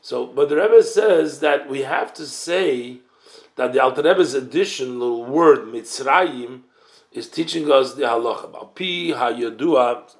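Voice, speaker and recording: A man teaching a text study class, reading Hebrew phrases and explaining them in English. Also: medium pitch. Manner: unhurried, careful explaining. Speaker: Torah teacher.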